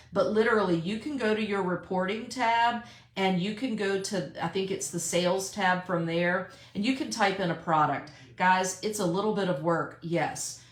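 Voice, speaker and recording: In a live video from her car, a direct sales team leader talks casually and emphatically to her team, repeating her key points. Her voice is on the low side, and the room sounds echoey.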